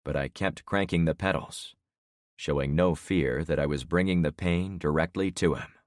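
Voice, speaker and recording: A man in his sixties narrating an audiobook in the first person with steady storytelling. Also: a bass voice, normal speed, dry recording, clean studio sound. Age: 60s.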